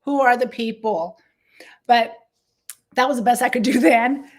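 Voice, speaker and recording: A woman sharing an earnest personal testimony in a faith-based business conversation, heartfelt and halting, often restarting her sentences. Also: on the high side. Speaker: guest, business consultant and co-host.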